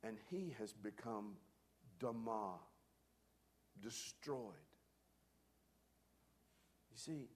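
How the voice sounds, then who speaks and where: A pastor preaching a sermon to his congregation with emphatic delivery, swinging from loud calls down to hushed near-whispers and asking the room direct questions. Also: lowish voice, animated, drawn-out words, long pauses, husky.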